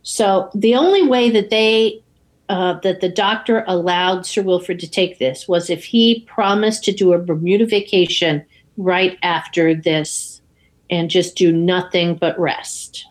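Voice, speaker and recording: A woman's voice: on the low side, fairly even intonation, unhurried. Woman retelling a film plot. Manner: narrating plot, acting out quotes. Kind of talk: casual storytelling of a film plot.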